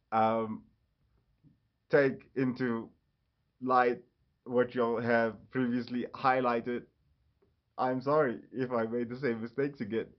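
A man hosting his own casual solo podcast, rambling and jumping quickly from topic to topic. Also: medium pitch. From Ireland. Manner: rambling, jumps between topics. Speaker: podcast host. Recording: slightly dull lo-fi audio.

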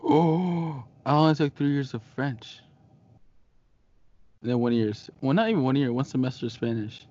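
A man's voice: mid-range voice, animated, moderate pace, dark tone. A man co-hosting a casual podcast, telling stories with lots of giggles and "like" fillers. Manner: giggly, filler-heavy storytelling. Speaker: podcast co-host. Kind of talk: casual chat. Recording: dull lo-fi podcast audio.

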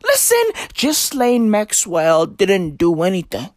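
High-voiced woman in a shouty comedy rant. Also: lively intonation, slow, dry recording, clean studio sound. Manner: loud, profane, mock-outraged, often shouting; heavy street slang.

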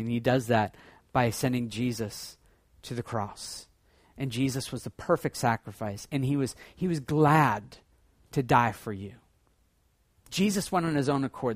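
A man preaching a sermon as pastor, swinging between loud excited bursts and hushed low passages. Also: measured pace, dry recording, clean studio sound.

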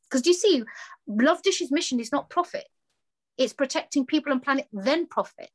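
A woman's voice: high-pitched, animated, fairly quick. A woman, speaking as a guest founder about her fashion brand, emphatic and impassioned, often acting out conversations. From London. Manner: impassioned, emphatic, acts out dialogue in quotes. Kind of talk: passionate interview talk.

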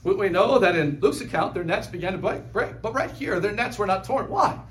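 Pastor, male, high voice; conversational sermon with quick asides. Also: expressive, a bit bright, slight background noise.

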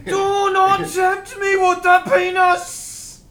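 A man doing an impression of a stern, booming old wizard. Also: monotone, slow, sharp tone, full character voice.

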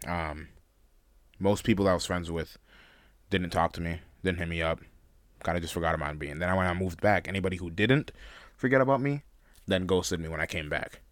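A young man casually telling a personal story to the camera, candid, with frequent laughs and halting restarts. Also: sits low, no room sound.

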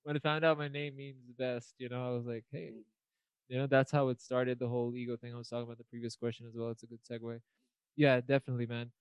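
A man's voice: mid-range voice, level tone, quick pace, smooth, no echo, poor audio. A young man co-hosting a podcast, chatting casually and rambling with lots of fillers. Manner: rambling, filler-heavy, laughs often. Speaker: podcast co-host. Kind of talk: casual chat.

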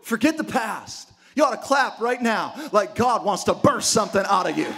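High-voiced fiery preacher man. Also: normal speed, gravelly, hardly any pauses, some chatter behind, a little hiss or hum. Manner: energetic preaching, swings between hushed asides and shouted exclamations. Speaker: pastor. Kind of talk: sermon.

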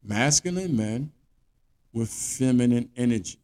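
Blunt, animated man ranting. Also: medium pitch, a little slow, soft background music. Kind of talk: profane monologue rant.

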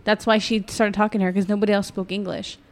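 A woman's voice: medium pitch, little pitch movement, fast. A woman co-hosting a casual podcast movie review, talking in a teasing, chatty way with many restarts. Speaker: podcast co-host.

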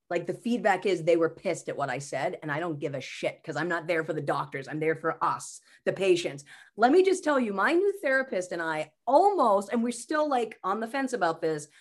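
High-energy woman comedian telling stories. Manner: high-energy, animated storyteller. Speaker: comedian and mental health speaker, guest. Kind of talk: casual podcast conversation.

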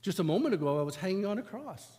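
A man putting on the voice of a bewildered criminal just arrived in heaven, quiet and hesitant. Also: high-pitched, sing-song, racing. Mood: sheepish. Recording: long hall reverb.

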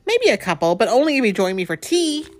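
A woman's voice: fairly high pitch, very animated, quick pace, soft background music, pitched above the performer's own voice. A woman reading aloud, voicing a courteous, wise old male dragon in a storybook. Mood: welcoming.

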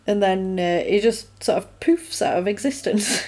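Animated woman recapping a film. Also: medium pitch, moderate pace, few pauses. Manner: animated storytelling, acting out lines in silly voices, laughs often. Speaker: podcast co-host recapping a film. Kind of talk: casual chat.

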